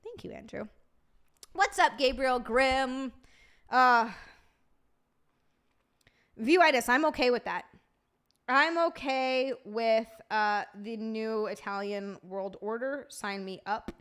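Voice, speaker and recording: Casual woman stream host reading chat, profane and giggly, somewhat high pitch. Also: slow, pauses often, a bit bright, clean tone. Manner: profane, laughing, reacting to chat.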